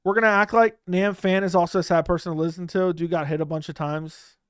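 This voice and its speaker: A man hosts a live stream from home into a close studio mic, and his smooth, crisp voice sits slightly high for a man. He talks bluntly in loose slang, often trailing off mid-thought, with a dry, close sound and no room around it. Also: fairly even intonation, fairly quick, dry recording. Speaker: livestream host. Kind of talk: casual live-stream chat reading viewer comments. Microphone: studio microphone close up.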